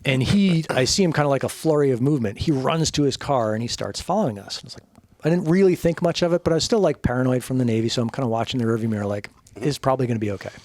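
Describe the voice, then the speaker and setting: A man in his forties telling a wild story as a podcast guest. His speech is loose and full of swearing, and laughter breaks in often. He slips into the voices of the people he quotes, and his pitch sits mid-range. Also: fast, darkish tone, dry recording. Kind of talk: casual storytelling.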